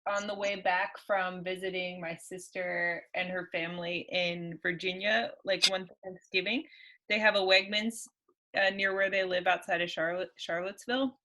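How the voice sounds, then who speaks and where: A woman co-hosting a casual podcast chat, with dry, amused, deadpan delivery. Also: on the low side, moderate pace. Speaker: podcast co-host.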